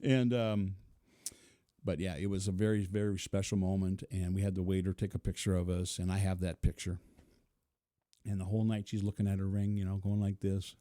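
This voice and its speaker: A man's voice: low voice, level tone, fairly quick, warm tone, no echo, clean studio sound. A middle-aged man telling a personal story in an interview, chuckling often and acting out what people said. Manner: chuckling, vivid, acts out quotes. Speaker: interview guest.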